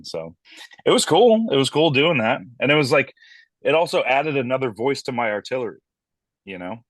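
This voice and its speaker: A metal band frontman talks in a casual interview, telling animated stories and swearing freely. His voice sits at a middle pitch for a man, and the recording is close and dry with no room sound. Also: moderate pace, no room sound. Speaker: metal band vocalist, guest.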